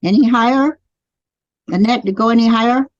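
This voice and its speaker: A woman's voice: fairly high pitch, moderate pace, no echo. Lady running a live online class, leading folks through affirmations, dry muffled stream audio. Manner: guiding listeners through spoken affirmations. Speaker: energy healing teacher. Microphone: computer mic on a live video stream.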